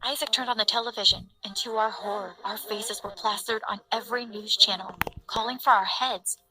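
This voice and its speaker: A woman's voice: mid-range voice, fairly even intonation, brisk, poor audio. A woman giving dramatic first-person narration of a tense story.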